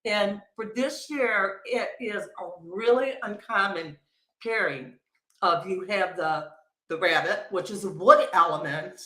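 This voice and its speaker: A soft-spoken woman guest talks in an unhurried, dreamy way about the year ahead. Her voice sounds roomy and echoey, as if picked up from a live space. She speaks at a very slow pace. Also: medium pitch. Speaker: guest teacher. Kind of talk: livestream casual chat.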